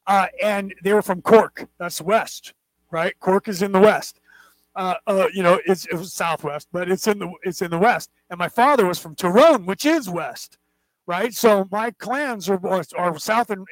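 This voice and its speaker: High-voiced man rambling through a lecture. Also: normal speed, dry recording, poor audio. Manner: digressive, keeps checking in with "right?" and "okay?"; restarts and repeats words often. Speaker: class host.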